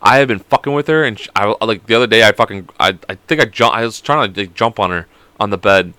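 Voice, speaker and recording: A man's voice: fairly low pitch, fast talker, pushed and bright, clean tone, dry recording. A young man in his twenties hosting a solo podcast, rambling and joking with constant swearing. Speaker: podcast host. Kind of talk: casual solo podcast chat.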